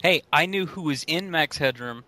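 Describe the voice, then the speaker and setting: A man joking around in casual chat, animated and profane. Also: fairly high pitch, moderate pace, no room sound.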